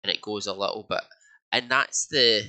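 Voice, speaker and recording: A man's voice: lowish voice, normal speed, pushed and bright, poor audio. A young Scottish man co-hosting a casual podcast, rambling with many fillers and restarts. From Scotland. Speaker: podcast co-host. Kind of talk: casual chat.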